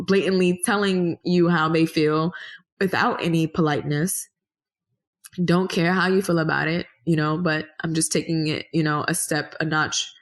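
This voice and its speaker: An earnest woman speaking as a podcast guest, her voice sitting a little low for a woman. She talks in loose, winding sentences with frequent restarts. Her voice lifts with animation when she drives a point home. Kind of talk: conversational interview answers.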